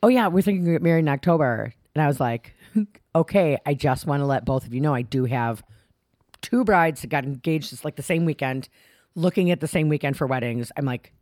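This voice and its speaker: A young woman with a low, deep-set voice chats loosely on a podcast, tumbling through stories with frequent laughs and false starts. The sound is close and dry, with no room around it. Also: moderate pace, darkish tone, no echo. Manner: rambling, laughs often, restarts mid-sentence. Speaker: podcast co-host. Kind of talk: casual chat.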